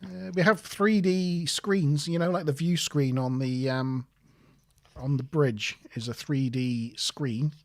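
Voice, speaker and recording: A man from southwest England with a West Country accent co-hosts a casual podcast, rambling, hesitant and self-deprecating. His voice is fairly high, steady and slow, recorded dry at studio quality.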